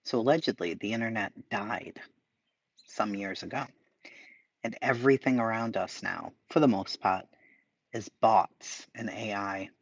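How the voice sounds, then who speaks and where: A man's voice: lowish voice, measured pace, no room sound, muffled recording. A man hosting a casual livestream, reading chat aloud with profane, sarcastic asides and mutters. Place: home, dogs barking nearby.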